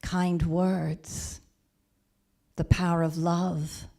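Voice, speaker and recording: Woman minister, low voice, unhurried, gentle storytelling sermon, halting restarts. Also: flat delivery. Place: church or spiritual center.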